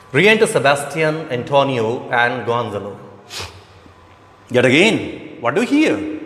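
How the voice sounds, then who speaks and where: A man's voice: medium pitch, a bit bright. A man teaching a play line by line, restating each point in simpler words. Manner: repeats and rephrases each point. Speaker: English literature teacher. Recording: echoey room with long reverb.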